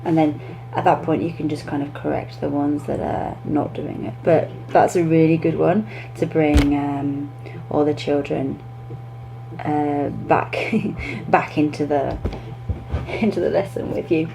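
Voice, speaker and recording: A young woman, an English teacher, giving classroom tips in a chatty way, breaking into lively demonstrations. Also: low voice, a little slow, gravelly, a little hiss or hum, rough recording.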